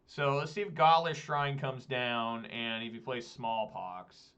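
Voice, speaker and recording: A man's voice: mid-range voice, steady tone, measured pace, fairly bright tone, smooth. A man giving casual gameplay commentary as he plays, talking to himself and swearing often. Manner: swears often, talks to himself while playing. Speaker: gameplay streamer.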